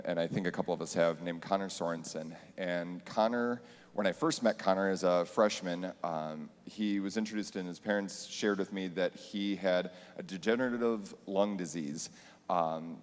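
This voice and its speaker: A deep-voiced man who teaches band shares an earnest story on a church panel. He acts out the quotes as he goes, and his voice carries a long hall reverb from the church sanctuary.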